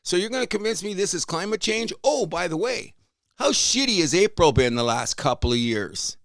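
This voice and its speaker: A Canadian man co-hosting a casual sports podcast, loud and rambling, swinging between shouting and muttering. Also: high-pitched, very animated, normal speed, gravelly, no room sound. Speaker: podcast co-host.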